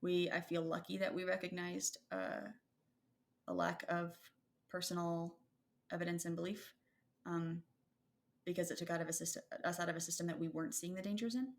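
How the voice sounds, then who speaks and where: A woman's voice: lowish voice, flat delivery, normal speed, vocal fry. A woman in her thirties co-hosting a podcast, talking in a thoughtful, rambling way with many fillers and restarts. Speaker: podcast co-host. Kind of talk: casual conversational chat.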